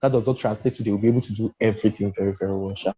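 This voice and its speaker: A man giving his views in a casual podcast discussion, animated and emphatic, often restarting his sentences. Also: fairly low pitch, racing, slight background noise, low-quality recording. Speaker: podcast panelist.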